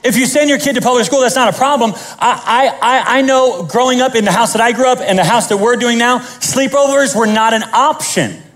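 A man preaching a sermon as pastor, animated and joking, acting out the scenes he tells. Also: extremely high pitch, fairly quick, hardly any pauses, some chatter behind.

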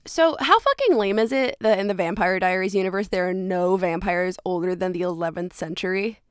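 A woman co-hosting a podcast, rambling through her points with sarcastic, jokey asides. Her voice is smooth and clear, recorded up close and dry with no room echo. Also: mid-range voice, fairly quick. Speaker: podcast co-host. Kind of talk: casual chat.

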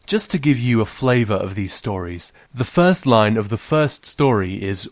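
A man's voice: fairly low pitch, animated, moderate pace, few pauses, no room sound, studio quality. A man, hosting as a librarian storyteller and reading a short story aloud with wry humour. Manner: wry, gently humorous.

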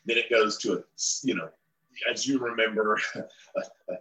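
A man's voice: on the low side, normal speed, sharp tone, roomy sound, rough recording. A middle-aged man, a guest in an interview, telling a long story and acting out the people he quotes.

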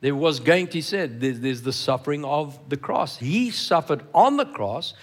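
A man's voice: fairly high pitch, expressive, normal speed, breathy edge. A man preaching a sermon as pastor in a church, emphatic, repeating words for stress and asking the congregation questions. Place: church hall.

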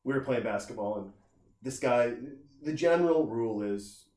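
A middle-aged man in casual comedic chat, talking in a profane, animated way and acting out the people he quotes in jumping voices. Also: mid-range voice, moderate pace. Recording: roomy echo.

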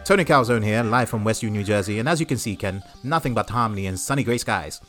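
A man's voice: lowish voice, lively intonation, fast talker, faint music behind. Field: man doing a cheery retro TV reporter. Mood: chirpy. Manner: jaunty 1950s radio-presenter delivery, loud and bouncy. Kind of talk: comedy news sketch.

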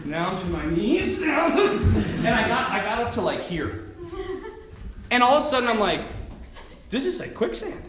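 A priest giving a talk at a retreat, telling a story in an animated way, often laughing and acting out what people said. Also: male voice, high-pitched, normal speed, reverberant.

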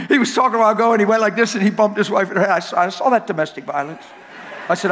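Male preacher, high voice, emphatic and repetitive delivery with shouted peaks; long church-hall reverb. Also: fast, a little hiss or hum. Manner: emphatic, repeats words for effect, rises to shouting at climaxes; jokes with the crowd. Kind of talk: sermon.

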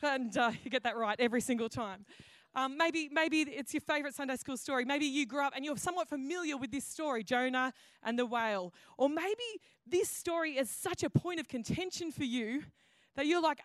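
A woman pastor tells a story from the pulpit in a loose, chatty way, stopping and restarting her sentences. Her voice sits high, and the sound is dry and close. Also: a little fast, no room sound. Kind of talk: sermon. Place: church auditorium.

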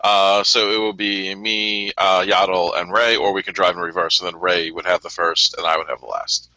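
A man's voice: deep voice, little pitch movement, normal speed, pushed and bright, dry recording, poor audio. A man casually explaining tabletop game rules to friends on a voice call.

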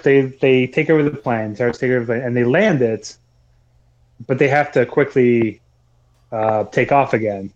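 A man co-hosting a casual movie podcast, rambling with lots of swearing and frequent laughter. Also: mid-range voice. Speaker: podcast co-host.

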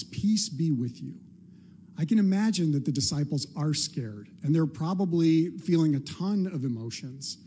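A man's voice: fairly high pitch, warm tone, a little hiss or hum. Casual, conversational male pastor. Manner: conversational, playful, acts out quotes. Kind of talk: sermon.

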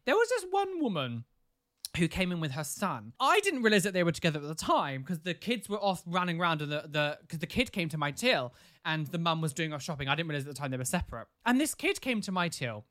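Young co-host, casual and animated, lively bright delivery. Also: mid-range voice, fast. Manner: animated, acts out angry customers in shouty voices. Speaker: podcast co-host. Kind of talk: casual storytelling chat.

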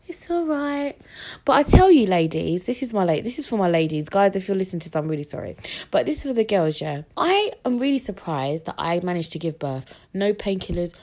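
A young woman with a British accent, telling a personal story in a lively, slangy way and acting out the voices of the people in it. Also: fairly low pitch, fast talker. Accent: British English. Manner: animated, acts out quoted voices, slangy. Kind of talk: casual storytelling.

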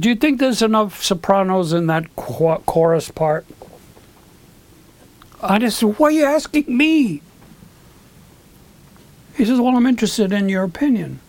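An older man telling stories as an interview guest, rambling with asides and acting out the voices of people he quotes. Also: on the high side. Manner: animated, acts out quoted dialogue. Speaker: guest, recording engineer. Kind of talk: storytelling in an interview.

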